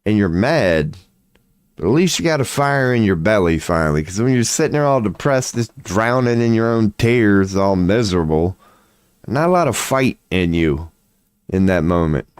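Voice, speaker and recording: A man's voice: lowish voice, expressive, moderate pace, smooth, dry recording, studio quality. A tired man rambling indoors at home in a late-night vlog, profane, slangy and laughing at himself. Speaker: vlogger.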